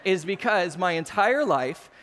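A man in his thirties with a notably high voice delivers a sermon, spinning everyday stories with lively, self-mocking humor. His voice rings out with a long reverb, as if he is speaking in a large hall. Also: unhurried. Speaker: pastor. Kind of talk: sermon with personal storytelling.

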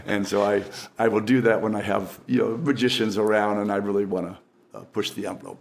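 Gravelly older man telling stories. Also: on the low side, little pitch movement, fairly quick, a little hiss or hum. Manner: rambling, with frequent restarts and laughs. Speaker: professional magician, interview guest. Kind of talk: casual storytelling in an interview.

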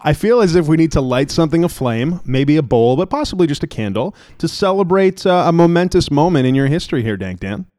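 A man's voice: on the high side, lively intonation, brisk, few pauses, mellow, no echo, studio quality. A man co-hosting a casual podcast, rambling and joking with lots of restarts and fillers. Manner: rambling, jokey, many restarts. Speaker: podcast co-host.

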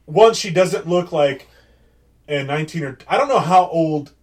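A man's voice: a little high, animated, moderate pace. A man co-hosting a casual movie chat, giving blunt, profane opinions.

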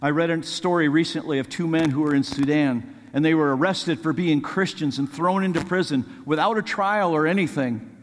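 High-voiced preacher in a reverberant hall. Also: male voice, normal speed. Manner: earnest, rising to fervent pleading when quoting scripture. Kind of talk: sermon.

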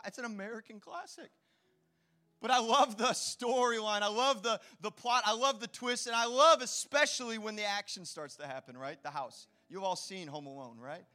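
High, bright-voiced preacher man. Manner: animated, lively storytelling with playful asides. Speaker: pastor. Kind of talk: sermon.

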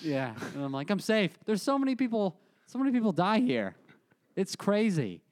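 A man hosting a casual comedy chat, telling stories in an animated way and slipping into voices. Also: high-pitched, moderate pace. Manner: animated storyteller who slips into voices.

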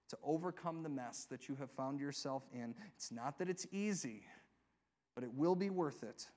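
Male pastor, high voice, earnest sermon delivery, rises loud then drops to a hush, peppers the congregation with rhetorical questions. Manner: earnest, swings between loud emphatic lines and soft hushed ones.

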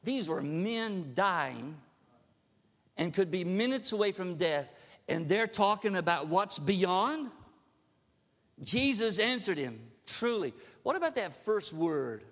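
A man's voice: high voice, lively intonation, takes it slowly, fairly bright tone, big-room sound. A male pastor preaching a sermon, emphatic, often asking the congregation questions. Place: church sanctuary.

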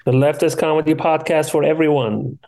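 Podcast cohost, middle pitch voice, lots of quick reactions and dry jokes. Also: steady tone, warm tone. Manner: quick reactive interjections, wry. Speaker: podcast co-host. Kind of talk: casual chat.

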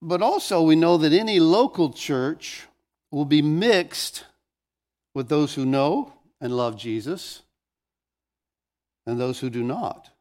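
A man's voice: fairly high pitch, animated, takes it slowly, pauses often, darkish tone. A man pastor preaching a sermon, telling stories with animation and often restarting phrases.

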